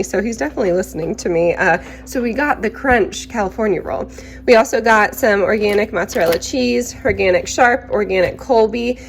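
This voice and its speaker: A woman's voice: medium pitch, a little hiss or hum. A woman in her thirties, a mother chatting casually through a grocery haul, talkative and practical with rambling asides, a little sick. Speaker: mother vlogger.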